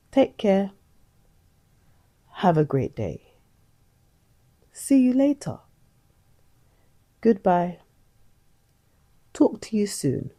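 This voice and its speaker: A woman's voice: medium pitch, mellow, breathy edge, no room sound. A woman teaching an English lesson for learners, speaking in a patient, instructive way.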